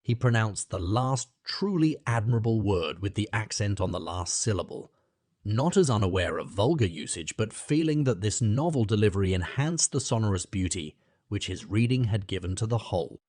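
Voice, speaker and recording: Low-voiced man narrating an audiobook. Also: lively intonation, normal speed, darkish tone, no room sound, studio quality. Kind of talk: scripted narration of a classic novel.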